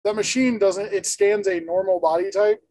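High-voiced man explaining plainly. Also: fairly even intonation, normal speed, warm tone, poor audio. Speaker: guest, former airport screener. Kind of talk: casual explanation.

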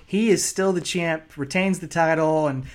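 A man with a mid-range voice chats through a wrestling replay on a podcast. He talks loosely, with plenty of fillers and quick laughs along the way. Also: a little high. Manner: chatty, many fillers and laughs. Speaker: podcast co-host. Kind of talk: casual wrestling commentary chat.

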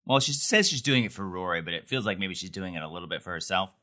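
A man's voice: sits low, lively intonation, fast, sharp tone. A man co-hosting a podcast, recapping a TV episode in casual, wry, joking chat.

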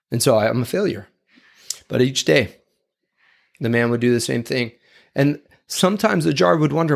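A man's voice: medium pitch, vocal fry. A man giving an earnest, confessional, sermon-style talk, reflective and personal. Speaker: speaker giving a devotional talk.

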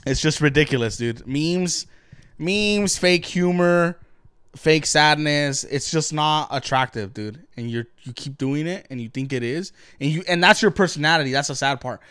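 A man's voice: fairly high pitch, moderate pace, fairly bright tone, clean tone, dry recording, clean studio sound. A young man co-hosting a podcast, ranting bluntly and profanely in casual chat. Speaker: podcast co-host.

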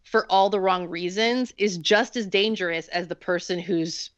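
A woman's voice: fairly low pitch, normal speed, no echo. A woman in a casual film discussion, talking in long run-on lists with many fillers. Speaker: podcast co-host. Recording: dull lo-fi sound.

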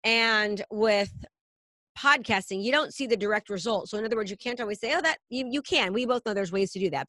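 A woman's voice: fairly high pitch, sharp tone, dry recording. Upbeat woman hosting a podcast. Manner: upbeat and encouraging. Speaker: podcast host. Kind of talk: casual interview chat.

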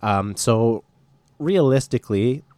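A man's voice: mid-range voice, expressive, takes it slowly, dark tone, dry recording. A man chatting casually and telling a joking story, laughing often. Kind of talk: casual comedic chat.

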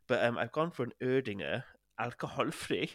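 A man's voice: medium pitch, lively intonation, moderate pace, dry recording, studio quality. A young man co-hosting a podcast, chatting casually, laughing often and rambling with fillers and restarts. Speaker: podcast co-host. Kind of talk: casual chat.

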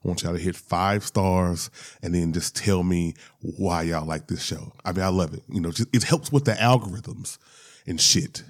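A man's voice: low voice, normal speed. A man hosting his own podcast, talking casually and rambling with lots of fillers after a weekend of drinking wine. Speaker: podcast host.

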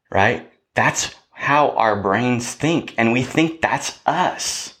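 A man's voice: mid-range voice, lively intonation, slow pace, hardly any pauses, a bit bright. A man hosting a podcast, giving a motivational talk in a preachy way, often checking in with "right?". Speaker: podcast host.

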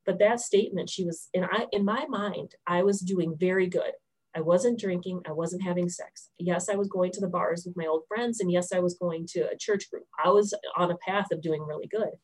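Woman in her thirties, lowish voice, candid faith testimony with restarts. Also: moderate pace, rough recording. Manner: candid, storytelling, many restarts. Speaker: testimony speaker.

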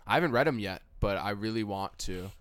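Joking young man, smooth voice. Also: lowish voice, brisk, no room sound. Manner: joking, laughs loudly, stubborn. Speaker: podcast co-host. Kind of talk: casual chat.

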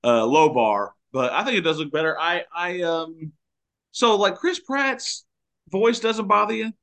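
Co-host: man, bright tense voice, relaxed and opinionated, on a video call. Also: high-pitched, unhurried, gravelly. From Kentucky. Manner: relaxed, opinionated, laughs often. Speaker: podcast co-host. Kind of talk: casual chat.

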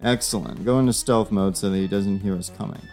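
A man's voice: on the low side, a little fast, creaky, darkish tone, soft background music. A man doing a confident soldier commander. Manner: clipped, confident orders.

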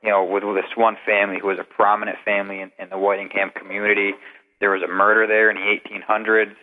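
A guest investigator phones in and, in a relaxed, casual interview, shares long, wandering anecdotes. His voice is somewhat low and level, and he speaks at a quick pace. The phone-like, narrow sound carries a long, trailing reverb.

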